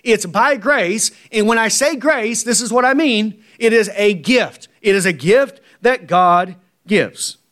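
Male preacher, high voice, emphatic and repetitive delivery, sermon style. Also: expressive, unhurried, few pauses, a bit bright. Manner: emphatic, repetitive, asks the congregation "right?".

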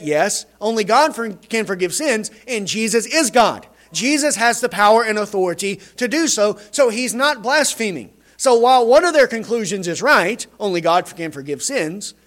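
A man with a high voice preaches a sermon. He speaks emphatically and drives his points home by repeating key phrases. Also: a bit bright.

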